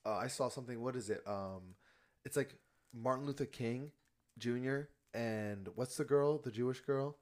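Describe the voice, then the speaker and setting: A man's voice: mid-range voice, moderate pace. A young man co-hosting a casual podcast chat, teasing his friends and laughing often. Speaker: podcast co-host.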